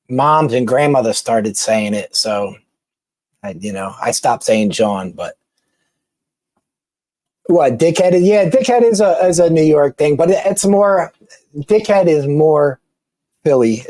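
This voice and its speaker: Halting Philly man on a live stream. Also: mid-range voice, a little mellow, no echo. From Philadelphia. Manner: rambling, halting, with many restarts and laughs. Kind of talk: casual live-stream chat reading comments.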